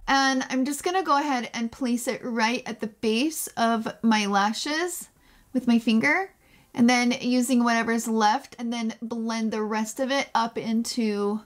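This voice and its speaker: A woman's voice: a little high, measured pace. Gushing, chatty woman beauty vlogger. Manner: chatty and gushing, jokes at herself; casual swearing. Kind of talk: casual makeup tutorial.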